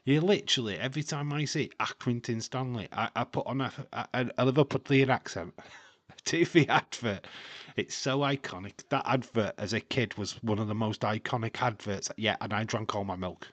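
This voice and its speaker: A man's voice: medium pitch, moderate pace, a bit bright, dry recording. A man hosting a live watch-along stream, chatting casually to his viewers and laughing often as he rambles through jokey tangents.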